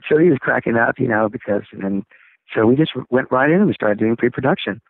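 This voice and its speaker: A man, a rock singer, telling stories in a casual interview, rambling and animated. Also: medium pitch, fast, gravelly, dry recording. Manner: rambling, animated storytelling with laughs. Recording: tinny phone line, dry.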